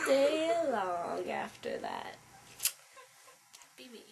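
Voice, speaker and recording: In a deadpan mock interview, a comedic confessional speaker answers an interviewer smugly and matter-of-factly, sometimes drawing out her words. Her fairly high voice is expressive, pushed, and bright, moving a little slowly over faint background noise.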